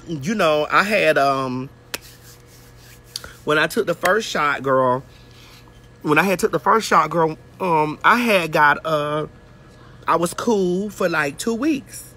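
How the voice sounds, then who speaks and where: A woman with a lowish, somewhat bright voice hosts a casual livestream from her phone outdoors while someone braids her hair. She tells a brash, profane story, and there's a slight hiss or hum on the audio.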